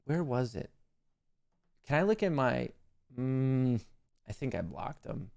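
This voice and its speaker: A man's voice: medium pitch, big pitch swings, slow, creaky, a little mellow, no room sound, studio quality. A man hosting a live stock market stream, chatting in a joking, rambling, self-mocking way.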